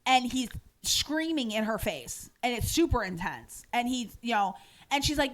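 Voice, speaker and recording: Brief: woman podcast co-host, slightly high voice, lively rambling recap. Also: a little slow. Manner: animated storytelling, frequent fillers and restarts. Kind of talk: casual recap of a TV episode.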